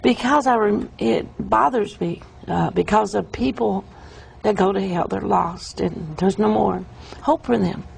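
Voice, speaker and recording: A woman telling an emotional, halting account of a vision in an interview. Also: medium pitch, vocal fry, a little mellow, slight background noise, rough recording. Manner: emotional, halting storytelling with restarts. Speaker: guest describing a vision. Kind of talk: earnest testimony in an interview.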